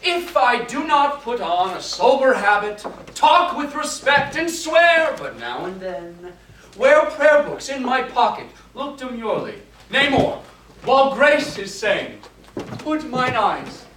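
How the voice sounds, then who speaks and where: A man playing a wild young gentleman. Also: very high-pitched, very animated, slow pace, slight background noise, heavily acted. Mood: cheeky. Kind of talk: amateur stage acting. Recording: roomy hall, far camera.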